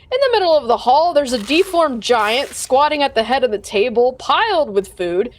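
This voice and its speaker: A woman's voice: high-pitched, expressive, moderate pace, slight background noise. A woman running a tabletop game as dungeon master, describing scenes in a casual way. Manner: casual descriptive narration with swearing.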